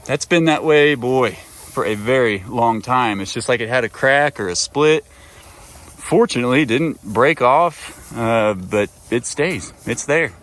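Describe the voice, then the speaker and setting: Unhurried and expressive, a goat-farming vlogger's medium-pitched, fairly bright voice carries as he chats playfully and affectionately with the goats in their outdoor pen.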